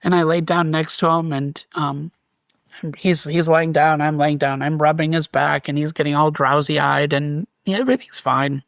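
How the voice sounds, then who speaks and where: A man, a guest on an interview show, telling a story in an animated way and acting out what was said. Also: on the high side, moderate pace, vocal fry, no echo. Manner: animated, restarts and reenacts dialogue. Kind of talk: storytelling in conversation.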